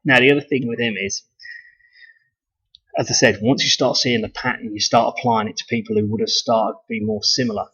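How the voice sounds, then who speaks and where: A British video blogger rambles casually in a monologue, swearing and restarting his sentences. His mid-range voice is steady in tone, a little fast, slightly bright, with a breathy edge. The recording has a dull, lo-fi sound.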